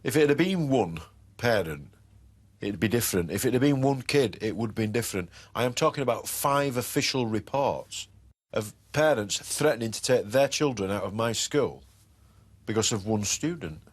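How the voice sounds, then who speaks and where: Husky, firm head teacher. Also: male voice, medium pitch, lively intonation. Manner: firm, measured. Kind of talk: documentary interview and meeting.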